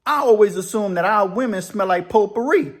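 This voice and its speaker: Picture a blunt old convict in his sixties, teasing his longtime friend with a lifted, animated voice, as a storyteller puts him on. He leans on a drawn-out "man" and keeps the ribbing friendly. It is a told prison story, with the voice acted out in the telling. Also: sits high. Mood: joking. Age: 60s. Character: older white male convict, blunt, joking.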